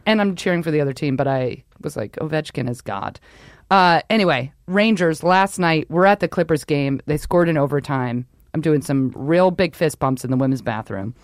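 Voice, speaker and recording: A woman from New York co-hosting a podcast, chatting about sports in an excitable, rambling way that keeps breaking off mid-thought. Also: sits low, moderate pace, no room sound, clean studio sound. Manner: rambling, excitable, self-interrupting. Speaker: podcast co-host. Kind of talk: casual sports chat.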